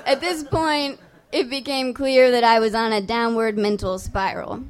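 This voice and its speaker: A woman's voice: fairly high pitch, steady tone, measured pace. A young adult woman telling a personal story live on stage, in a casual, profane, self-mocking way. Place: on stage before a live audience.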